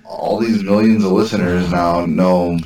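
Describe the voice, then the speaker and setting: A man's voice: low-pitched, steady tone, a little slow, darkish tone, distant mic. A man on a comedy podcast, joking in a mock-sensitive, whiny way. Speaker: podcast co-host. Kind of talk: casual comedy chat.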